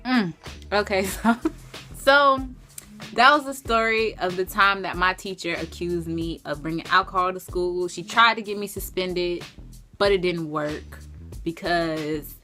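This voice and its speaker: A young woman telling a storytime vlog in an animated, profane, emphatic way. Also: on the low side, measured pace, faint music behind. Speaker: vlogger.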